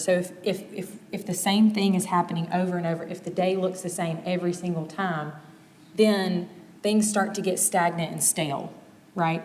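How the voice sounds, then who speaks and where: Candid woman teaching in a reverberant hall. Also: on the low side. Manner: candid, animated, acts out quoted exchanges. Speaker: speaker teaching on marriage. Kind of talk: conversational teaching talk. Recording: long reverb of a large hall.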